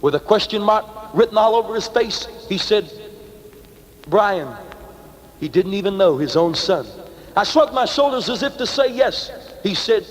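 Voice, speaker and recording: Man, young, high-pitched, slangy dramatic testimony, reverberant hall, old vinyl record sound. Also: lively intonation, moderate pace. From Canada. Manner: vivid, slangy street talk, acting out the dialogue. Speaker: evangelist giving his testimony.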